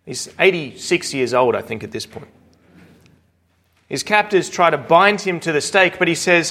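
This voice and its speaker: A male pastor delivering a sermon with a slightly high, earnest voice. He tells stories with conviction and lifts his tone when he voices the quoted words. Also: lively intonation, moderate pace, sharp tone.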